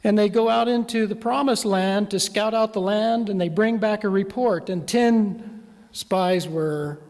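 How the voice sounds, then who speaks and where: A man's voice: high-pitched, unhurried, a little mellow. A male minister preaching a sermon, telling a story in a conversational way and putting questions to the congregation. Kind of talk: sermon with map. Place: church hall. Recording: long reverb of a church hall.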